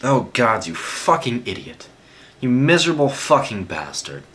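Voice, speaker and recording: Man doing a big fierce thief, shouting raw. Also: sits low, moderate pace. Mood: anguished. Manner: loud, raw and angry. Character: big burly male thief, fierce, anguished.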